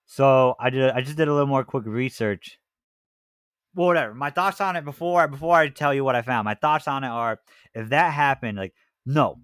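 A man's voice: mid-range voice, normal speed, a bit bright, clear, resonant tone, no room sound, studio quality. A young man co-hosting a casual chat, reacting with incredulity. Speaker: co-host.

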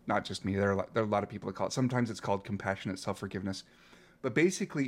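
Earnest man in his fifties, coach being interviewed, reflective delivery, mid pitch. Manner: earnest, reflective, with frequent restarts. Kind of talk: interview guest telling a story.

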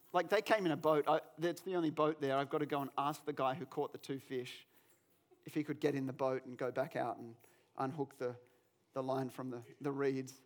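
Male pastor, high-pitched, animated sermon storyteller with self-mocking humor.

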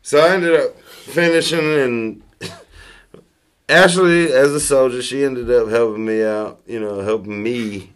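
A man's voice: medium pitch, fairly even intonation, a little slow. A Southern US man telling a story in casual chat, rambling and profane, with laughter breaking in.

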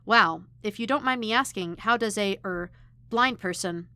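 A woman's voice: medium pitch, moderate pace, pushed and bright, clear, resonant tone, no echo. A woman voicing a cheerful, awkwardly polite young male student helping with tech. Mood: eager. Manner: chirpy, eager, awkwardly polite.

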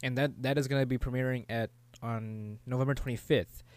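A man co-hosting a casual podcast chat, halting and repeating words as he talks, often laughing. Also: mid-range voice, fairly even intonation, darkish tone, no room sound. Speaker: podcast co-host.

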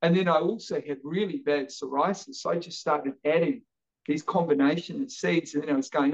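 Energetic man, high voice, from New Zealand, animated storytelling, muffled lo-fi audio. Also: fairly quick. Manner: energetic, acts out quoted voices. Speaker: podcast guest.

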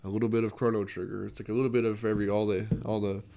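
A man's voice: on the low side, flat delivery, racing, creaky, lo-fi sound. A man co-hosting in casual chat, mostly asking short questions and giving brief replies. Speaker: podcast co-host.

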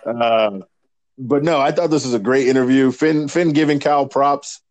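A man's voice: medium pitch, moderate pace, a little mellow. Crude, laughing man on a podcast. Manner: laughs a lot, crude, rambling. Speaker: podcast co-host. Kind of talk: casual profane chat about wrestling.

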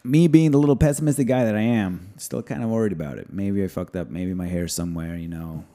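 A man co-hosting a podcast, trading deadpan dark jokes in a low mumble during casual banter. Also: fast talker. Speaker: podcast co-host.

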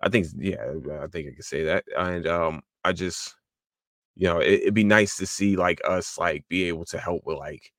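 A man hosting his own solo podcast in casual chat, excitable and profane, with many restarts and fillers. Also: low-pitched, dry recording, clean studio sound. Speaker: podcast host.

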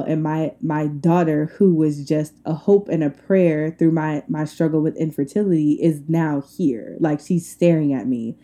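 A young woman in her twenties chats alone on her podcast, loose and blunt, often laughing as she rants. Her voice sits a little low and sounds very dark and mellow. She tells her stories with animated, colloquial energy. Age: 20s. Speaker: podcast host. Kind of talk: casual solo podcast chat.

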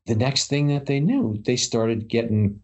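A man's voice: mid-range voice, a little slow, a little mellow, husky. A man co-hosting a casual chat about paranormal stories, rambling with many fillers and restarts. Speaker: podcast co-host.

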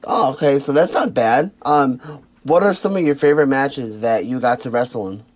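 A man casually interviewing a guest, relaxed, leaning on "you know" fillers and the odd swear. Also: medium pitch, moderate pace.

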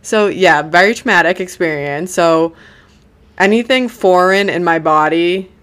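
A woman's voice: on the low side, a little slow, fairly bright tone. A young woman hosting a podcast, telling a personal story in a blunt, casual way, swearing freely and laughing through the hard parts. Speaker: podcast host.

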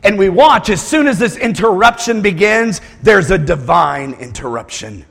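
A man preaching a sermon in a high, expressive voice that climbs and dips widely. He moves from hushed asides to loud emphatic bursts and restarts phrases as he goes. The sound carries a long hall reverb, as in a church sanctuary. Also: moderate pace, creaky, hardly any pauses. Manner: animated preaching, swings from quiet asides to loud shouted lines. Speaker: pastor.

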